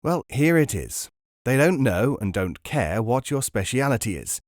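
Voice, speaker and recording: A man's voice: medium pitch, sing-song, a little slow, no room sound, clean studio sound. A man voicing a shrewd, worldly male market dealer who explains things in a breezy, knowing way. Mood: explaining.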